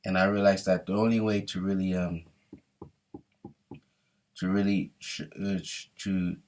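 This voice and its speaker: A man's voice: sits low, level tone, a little slow, a little mellow. A young man giving an emphatic, repetitive motivational monologue, often checking in with "yeah?". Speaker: motivational speaker. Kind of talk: preachy monologue to camera.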